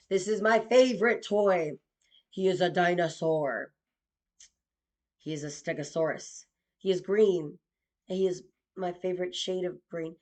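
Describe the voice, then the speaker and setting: Slow-talking profane woman comedian. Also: fairly low pitch. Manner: profane, mixes in Spanish phrases. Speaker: stand-up comedian. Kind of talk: stand-up comedy.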